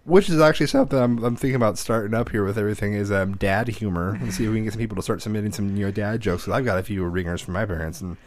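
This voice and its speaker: A man co-hosting a casual podcast about parenting, joking, swearing and telling animated stories. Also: lowish voice, rapid-fire, hardly any pauses. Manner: profane, joking, animated storytelling. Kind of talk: casual chat.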